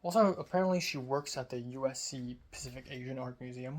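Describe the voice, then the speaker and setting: A sleepy young man from Hong Kong, a student telling a rambling casual vlog story, talking slowly with many fillers. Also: medium pitch. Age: young adult. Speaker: student vlogger.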